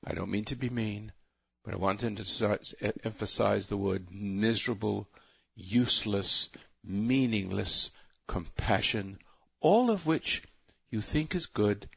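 A man's voice: lowish voice, a little slow, creaky, a bit bright, slightly rough, no room sound, muffled recording. A man hosting a call-in radio show, lecturing in a rambling, preachy way and often breaking off mid-sentence. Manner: rambling, self-interrupting, preachy. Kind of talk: talk radio monologue.

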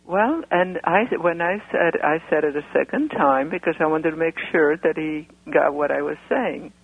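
A woman from Europe calls in to a radio show, speaking at a moderate pace in a deep, gravelly, husky voice. Her talk in this phone-in conversation is rambling and hesitant, full of fillers. The tinny phone line has no echo.

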